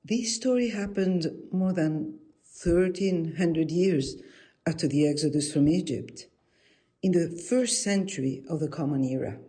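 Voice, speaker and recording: A woman storyteller narrating a legend in an expressive, lively way. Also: low voice, measured pace, breathy edge. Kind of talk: oral storytelling.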